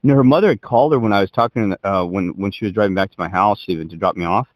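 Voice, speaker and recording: A man's voice: fairly low pitch, quick pace, dry recording. A man co-hosting a podcast, telling a long story in a rambling, self-interrupting, emphatic way. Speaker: podcast co-host. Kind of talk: casual chat, rambling storytelling. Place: Colorado.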